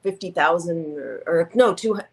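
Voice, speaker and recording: A woman's voice: on the low side, moderate pace. A woman guest in an interview, telling her story with feeling, acting out quoted voices and close to tears. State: tearful. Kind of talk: conversational interview.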